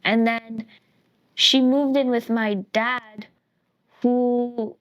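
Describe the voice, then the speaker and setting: A woman with a high, light voice shares a painful family story as a podcast guest. She speaks earnestly and often stops to restart or correct herself mid-sentence. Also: fairly even intonation, very slow, pauses often. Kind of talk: personal storytelling in a podcast interview.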